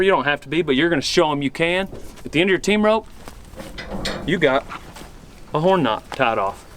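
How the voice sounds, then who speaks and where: A man with a drawl giving a mock-serious, deadpan comedic talk as a cowboy vlogger. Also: medium pitch, a little hiss or hum.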